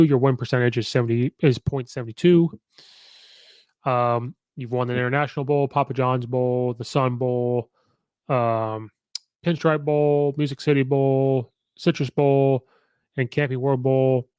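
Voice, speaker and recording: A man's voice: medium pitch, a little mellow, clear, resonant tone, dry recording, studio quality. A man hosting a podcast, giving casual, opinionated sports commentary and rattling off records with many fillers. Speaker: podcast host.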